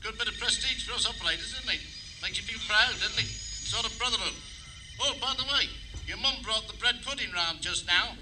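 A man's voice: sits high, brisk, background noise, natural voice. A man playing a chatty radio operator in an old radio sitcom.

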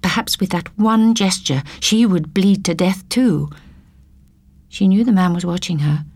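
A woman reading a story aloud in a soft, hushed storytelling manner, often slipping into a whisper. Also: on the low side, measured pace, no echo. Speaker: narrator.

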